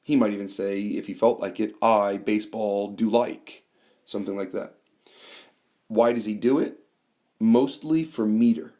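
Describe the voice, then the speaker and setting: A man teaching a class in a screencast, explaining slowly with fillers and reading quoted lines aloud. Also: on the low side, fairly even intonation, mellow. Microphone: tablet microphone.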